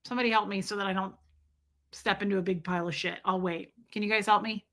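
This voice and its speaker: A woman with a mid-range voice talks at a quick pace while hosting a casual livestream. She rants and tells stories in an animated way, swearing a lot and speaking straight to her chat.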